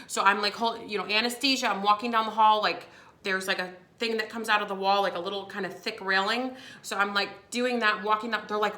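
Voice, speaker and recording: A woman's voice: mid-range voice, brisk. A woman in her thirties telling a personal story to her viewers in a chatty way, acting out what others said. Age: 30s. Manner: chatty, lively, acts out quotes with laughs. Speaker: vlogger. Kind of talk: casual storytelling to camera.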